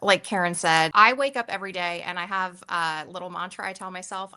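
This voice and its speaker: A woman real estate agent on a panel, speaking in an earnest, steady, motivational way. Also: fairly low pitch, a little fast. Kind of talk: reflective panel talk.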